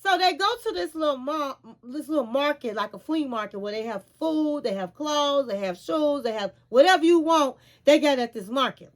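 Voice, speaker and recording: A woman vlogger retelling a reality show in a chatty, animated way, often calling the listener "honey.". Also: high voice, normal speed, hardly any pauses. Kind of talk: casual storytelling recap.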